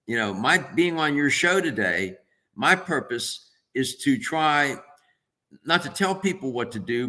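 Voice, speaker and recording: A man's voice: mid-range voice, bright, forceful tone. A man speaking as a nutritionist guest on a radio interview, earnest and emphatic as he thinks aloud.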